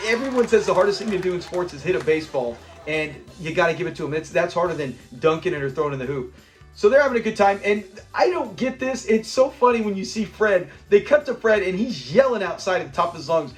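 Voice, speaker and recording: A man's voice: sits high, expressive, a little fast, faint music behind. A man hosting a casual episode recap, retelling scenes with animation and acting out the characters' lines. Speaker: show recap host.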